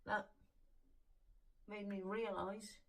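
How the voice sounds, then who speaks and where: Woman talking real slow, teary, trying not to cry, telling her story. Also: medium pitch, flat delivery, recorded from a distance, rough recording. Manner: slow, tearful, holding back crying. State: close to tears. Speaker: tarot reader. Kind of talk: emotional personal story to camera.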